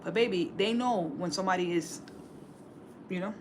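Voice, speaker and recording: Her voice runs low and her pace is moderate, with noise behind her. She's a woman in her forties on a livestream, casually chatting with viewers and handing out sassy, preachy relationship advice while calling them all "baby."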